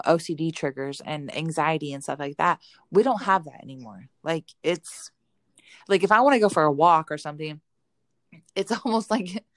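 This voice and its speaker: Low-voiced candid mom chatting. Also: female voice, fairly bright tone, no room sound, studio quality. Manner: candid, rambling, many fillers. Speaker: podcast co-host. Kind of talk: casual chat.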